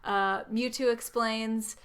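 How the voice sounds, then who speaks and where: A woman's voice: fairly high pitch, steady tone, slow, a bit bright, slight background noise. A woman co-hosting a podcast, casually and chattily summarizing a film plot, with frequent ums and playful quoted lines. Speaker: podcast co-host. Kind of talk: casual chat recapping a film.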